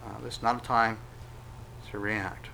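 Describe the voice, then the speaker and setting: Bright-voiced man preaching a sermon. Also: on the low side, steady tone, measured pace, creaky, slight background noise, poor audio. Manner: conversational preaching with sudden loud acted-out quotes. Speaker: pastor.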